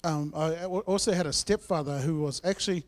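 A man sharing his personal testimony in church, telling his story earnestly, with swings between loud and soft. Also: a little high, a little fast. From New Zealand. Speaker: guest speaker sharing testimony.

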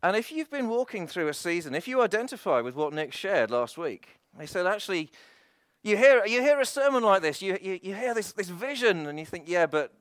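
A man's voice: high-pitched, very animated, a little fast, dry recording, clean studio sound. A man preaching a sermon with an impassioned, repetitive cadence and frequent restarts.

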